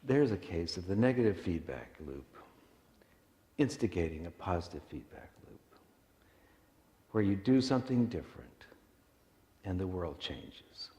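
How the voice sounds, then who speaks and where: Reflective preacher, low voice, echoey church. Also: male voice, big pitch swings, unhurried, pauses often, dark tone. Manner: reflective, earnest, with small restarts. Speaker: minister. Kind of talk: sermon, meditation storytelling. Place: church sanctuary.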